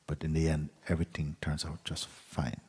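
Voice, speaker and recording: A man, a spiritual teacher, telling a fable to an audience in an unhurried way, with pauses, sometimes dropping to a hushed whisper. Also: very deep voice, little pitch movement, husky, big-room sound. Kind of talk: storytelling talk to an audience.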